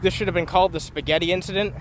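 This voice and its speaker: A man's voice: high-pitched, fairly even intonation, very fast, slight background noise. A young man ranting into his phone on a solo livestream, rambling, profane and mocking himself. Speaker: streamer.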